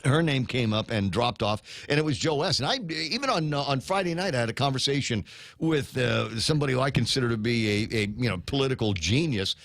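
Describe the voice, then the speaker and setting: A man's voice: medium pitch, expressive, a little fast, creaky, a bit bright, dry recording. Rambling middle-aged male radio host. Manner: rambling, many fillers and restarts; reads out listener comments. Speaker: radio talk show host. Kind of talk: morning talk radio. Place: radio studio.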